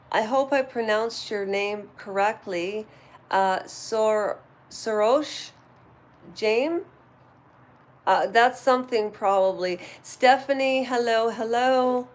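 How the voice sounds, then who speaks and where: A woman from Canada, hosting a casual live chat from home and rambling through asides and fillers. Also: medium pitch. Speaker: livestream host. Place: at home while cleaning.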